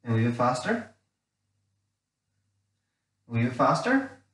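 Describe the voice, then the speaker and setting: A man's voice: medium pitch, sing-song, measured pace, long pauses, a bit bright. Man leading a kids' game. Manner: chatty, instructional, repeats "wee". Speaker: children's church game leader. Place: dark church hall. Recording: echoey room, mic far off.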